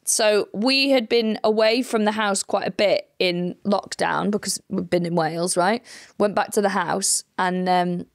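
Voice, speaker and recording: A woman comedian co-hosting a podcast, telling a crime story in a casual, animated way and swearing freely. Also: medium pitch, measured pace, dry recording, studio quality. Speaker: comedian co-host retelling a true crime case.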